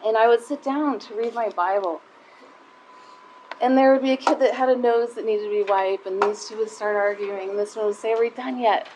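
A middle-aged woman speaks warmly and personally to a room of mothers, in a conversational way that sometimes comes close to tears. Her voice sits at a middle pitch for a woman. A faint hiss of background noise runs under the recording. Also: steady tone, brisk, rough recording. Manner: heartfelt, conversational, near tears at times. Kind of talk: personal talk to a live group.

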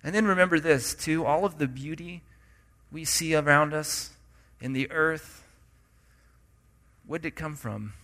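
Bright-voiced man preaching a lively sermon. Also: a little high, a little slow, long pauses. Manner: conversational and animated, with jokes and asides. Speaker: pastor. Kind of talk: sermon to a live audience.

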